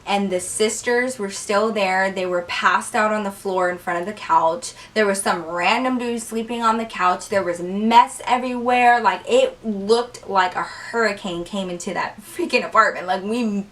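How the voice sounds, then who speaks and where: Animated young woman telling a story. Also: medium pitch, moderate pace, few pauses, distant mic. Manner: animated, lots of "like" and cursing. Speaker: vlogger. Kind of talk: casual storytelling.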